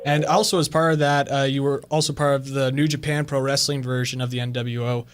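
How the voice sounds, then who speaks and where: A man's voice: medium pitch, little pitch movement, brisk, clean tone, soft background music. A man hosting a wrestling podcast, asking interview questions with many hesitant fillers. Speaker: podcast host.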